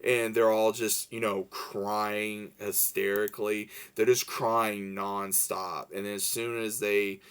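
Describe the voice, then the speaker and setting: A man's voice: fairly low pitch, level tone, slow pace, hardly any pauses, a bit bright, clean tone. A man giving a casual, enthusiastic movie review, rambling with many fillers and restarts. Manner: enthusiastic, laughs while recalling scenes.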